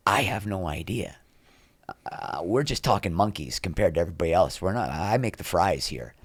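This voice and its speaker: A man's voice: low voice, moderate pace, breathy edge, no echo. A middle-aged man, an actor, telling candid behind-the-scenes stories as a podcast guest and acting out what others said. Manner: animated, acts out quotes from others. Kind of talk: candid storytelling interview.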